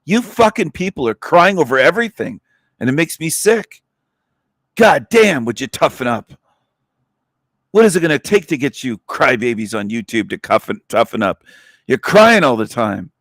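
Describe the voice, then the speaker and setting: A man ranting bluntly on his livestream, cursing freely and dropping scornful laughs. His pitch sits in an ordinary middle range. The sound is close and dry. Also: big pitch swings, normal speed, a bit bright, no room sound. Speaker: livestream host. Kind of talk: angry rant.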